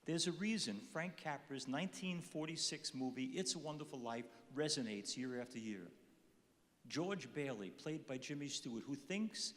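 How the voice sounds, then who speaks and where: A man's voice: a little high, animated, normal speed, fairly bright tone. An older man giving an earnest inspirational talk at a conference, telling stories with touches of humor. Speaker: conference speaker. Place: large conference hall. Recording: reverberant hall.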